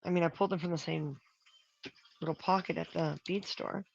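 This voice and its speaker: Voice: medium pitch, steady tone, brisk, vocal fry, no echo, dull audio. A prop maker hosting a casual livestream, rambling and thinking aloud while working and tallying material costs.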